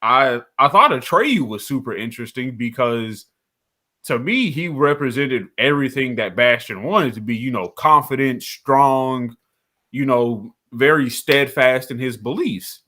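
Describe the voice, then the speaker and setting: A man on a casual podcast, ranting with lots of swearing and an animated, worked-up delivery. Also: medium pitch, unhurried. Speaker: podcast co-host.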